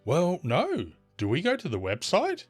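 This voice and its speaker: A man's voice: high-pitched, wildly swooping pitch, unhurried, faint music behind, voice pushed up, heavily acted. A man voicing a whiny, evasive, entitled middle-aged woman at a campsite.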